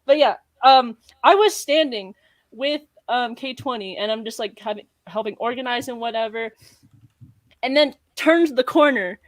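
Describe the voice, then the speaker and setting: A young American man, high-pitched, rambling through a convention story with plenty of "like" and quick laughs. His voice is close and dry, with no room around it. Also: no room sound. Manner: rambling, animated storytelling with lots of fillers. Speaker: podcast guest. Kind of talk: excited casual chat.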